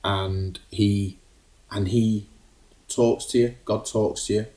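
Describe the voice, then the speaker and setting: A man's voice: lowish voice, steady tone, slow, dark tone. A man co-hosting a podcast, talking in a hesitant casual way with many ums and restarts. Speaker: podcast co-host.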